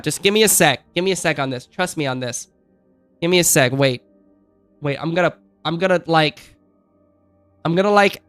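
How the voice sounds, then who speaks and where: Bright, exasperated young gaming streamer. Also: male voice, a little high, clear, resonant tone, dry recording. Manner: exasperated ranting, repeats phrases, says dude. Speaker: gaming channel host. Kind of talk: let's play commentary.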